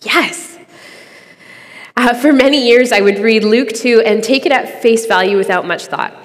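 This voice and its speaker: A woman's voice: a little high, measured pace, long reverb tail. A young adult woman hosting a podcast, giving an earnest, conversational devotional reflection and laughing easily.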